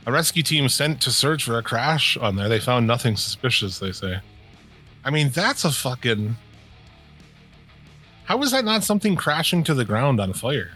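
A man's voice: medium pitch, big pitch swings, normal speed, pushed and bright, breathy edge, soft background music. A man co-hosting a podcast, chatting loosely with lots of swearing, rambling and trailing off mid-thought. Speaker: podcast co-host. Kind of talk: casual profane chat.

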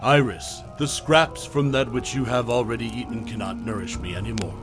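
A man's voice: mid-range voice, steady tone, normal speed, over music, close to an everyday voice. A man voicing a hungry talking garden with a slithery, quivering, pleading voice in a horror story.

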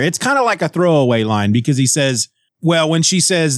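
A man hosting a comic book podcast, recapping and reviewing an issue in a casual, animated way with chuckles. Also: a little high, a little slow, dry recording, clean studio sound.

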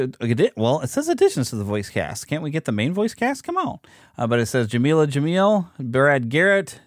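Chatty man hosting a movie podcast, lively pitch. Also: no echo, clean studio sound. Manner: chatty, frequent fillers and restarts, reading descriptions aloud. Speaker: podcast host. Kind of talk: casual movie news commentary.

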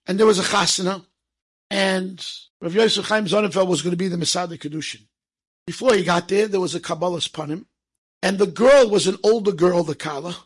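A man telling stories to an audience in a lively way, acting out the people in them and slipping in Hebrew phrases. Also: high-pitched, fairly quick, breathy edge. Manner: lively, acts out quoted speech, sprinkles Hebrew phrases. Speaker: storyteller. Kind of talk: animated storytelling to an audience.

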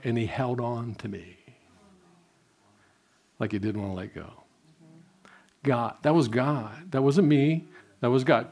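An older man preaches in an easy, conversational way. He tells his stories directly to the congregation. His voice falls soft and low whenever he quotes his own prayers. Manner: conversational storytelling, drops softly when quoting prayers. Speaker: pastor. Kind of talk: sermon.

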